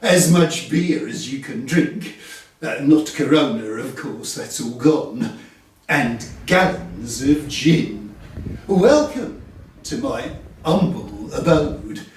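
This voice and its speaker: A man plays a scheming, gleeful innkeeper in a homemade panto radio play. His voice swoops high and low at a slow, savouring pace. The recording is roomy, with the voice set well back from the mic. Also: far from the mic, exaggerated voice. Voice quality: theatrical, chuckling, drawn-out delivery. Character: sly showy male innkeeper Fagin, scheming and gleeful. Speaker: amateur actor.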